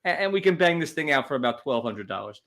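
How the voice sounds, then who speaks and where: Wisecracking man with a lively voice. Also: a little high, fast, vocal fry. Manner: wisecracking, teasing interjections. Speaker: podcast co-host. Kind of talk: casual podcast banter.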